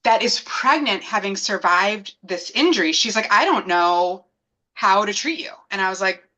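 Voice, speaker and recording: Bright-voiced woman telling a lively story. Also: medium pitch, normal speed, rough recording. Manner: animated, acts out quoted voices. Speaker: guest. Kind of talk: casual storytelling in an interview.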